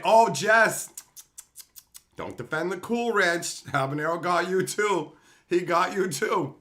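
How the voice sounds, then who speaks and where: Male streamer, profane mock-ranting, lively and bright. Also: sits high. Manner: profane, mock-insulting, laughing. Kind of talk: live-stream rant to chat.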